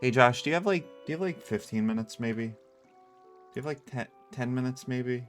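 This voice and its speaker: A man's voice: mid-range voice, brisk, soft background music. A man hosting a livestream in casual chat, a rambling storyteller who keeps restarting his sentences. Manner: rambling, self-interrupting storyteller with frequent laughs. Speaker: livestream host. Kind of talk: casual chat over a game stream. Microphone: earbuds with headset mic.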